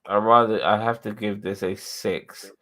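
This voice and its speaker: Male host, low-ish voice, loose rambling review chatter, casual swearing. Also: steady tone, unhurried, a bit bright. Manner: rambling, swears freely, frequent restarts. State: tired and yawning. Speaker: podcast host.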